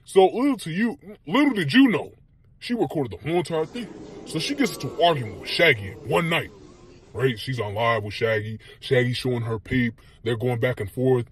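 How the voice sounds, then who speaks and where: A man's voice: mid-range voice, lively intonation, a little fast, slight background noise. A man telling a comic street story in a loose, slangy way, laughing as he goes. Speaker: comedian telling a skit.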